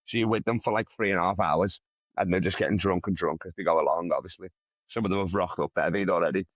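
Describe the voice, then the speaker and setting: Quick and low-voiced, the man is a comedian guest in a casual interview, launching into an animated, profane story that rambles along. The recording is dry.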